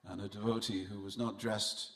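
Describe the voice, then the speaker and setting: Addressing his audience head-on, a man gives a festival sermon in a temple hall, spinning humorous stories. His voice is fairly low and fairly bright, with little pitch movement, and his pace is moderate.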